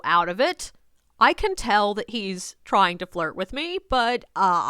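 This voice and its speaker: A woman's voice: mid-range voice, sharp tone, clean tone, no echo, clean studio sound. A woman, a ghost tour guide, telling a personal story in a casual, wry way and acting out her own replies. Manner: conversational, wry, quotes herself.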